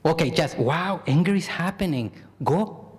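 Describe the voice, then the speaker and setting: Male monk, slightly high voice, engaging Dhamma talk that draws in the listeners, long hall reverb. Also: animated, normal speed, heavy background noise. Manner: engaging, asks the audience questions, acts out example phrases; warm address, repeatedly says "my dear family". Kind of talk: dharma talk to a live audience. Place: large temple hall.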